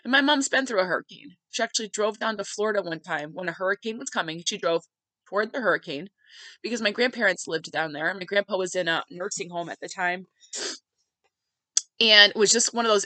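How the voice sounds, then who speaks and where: A woman's voice: mid-range voice, quick pace, pushed and bright, dry recording, poor audio. A woman hosting a podcast and telling a personal family story in a heartfelt, conversational way, dropping in many filler words. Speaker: podcast host.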